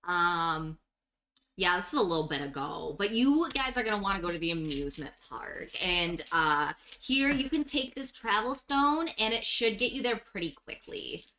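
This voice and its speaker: A woman narrating a tabletop game as game master, relaxed and casual, with fillers. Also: lowish voice, normal speed.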